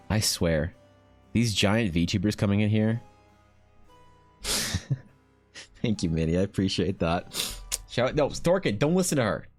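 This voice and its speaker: Canadian guy streaming his art, kinda low voice, swears a ton, fake annoyed at chat. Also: unhurried, pauses often, faint music behind. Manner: excitable, swears a lot, mock-exasperated at chat. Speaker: artist streamer. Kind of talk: casual livestream chat while drawing.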